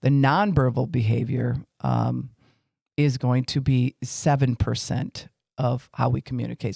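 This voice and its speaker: Guy doing a chatty faith teaching podcast, mid-pitch, lots of ums, acts out quotes. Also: vocal fry, dark tone, no room sound, studio quality. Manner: informal, with fillers, acting out what people say.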